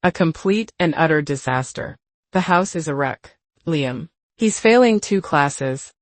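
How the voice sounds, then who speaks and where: A woman voicing an exhausted, remorseful grown daughter in a spoken story, halting and hesitant. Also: sits low, expressive, no room sound.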